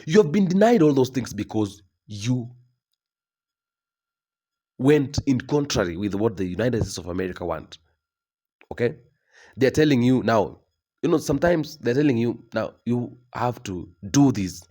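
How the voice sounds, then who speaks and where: A man's voice: mid-range voice, expressive, moderate pace, pauses often, mellow. A young man delivering an emphatic opinion monologue, lecturing and repeating himself with frequent tag questions. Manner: emphatic, repetitive, lecturing with frequent "okay?" tags. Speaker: commentator.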